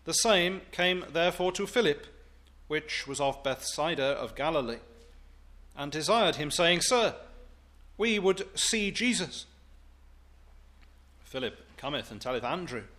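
A man preaching in church, reading scripture aloud in a solemn, deliberate way before his sermon. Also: a little high, expressive, a bit bright. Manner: slow, solemn, deliberate delivery.

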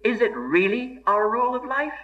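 A man's voice: very high voice, animated, normal speed. A man preaching a sermon in an earnest, emphatic way, repeating key phrases for stress. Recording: dull lo-fi sermon recording.

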